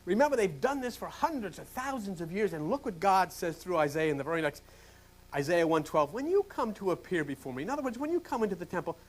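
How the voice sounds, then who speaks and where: Animated older preacher, dramatic whispers. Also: male voice, sits high, quick pace. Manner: dramatic, swings from loud exclamations to hushed whispers. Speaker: pastor. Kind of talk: sermon.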